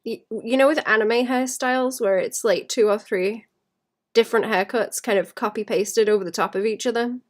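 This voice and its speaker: A woman who illustrates, chatting casually and thinking aloud while she draws, rambling and laughing softly. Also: a little high, moderate pace. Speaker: illustrator streaming while drawing. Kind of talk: casual chat while drawing.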